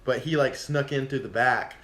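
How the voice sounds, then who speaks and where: A man's voice: mid-range voice, moderate pace. Profane young man telling a story. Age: 20s. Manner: profane, animated, acts out quotes. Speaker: podcast guest. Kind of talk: casual storytelling chat. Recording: echoey room.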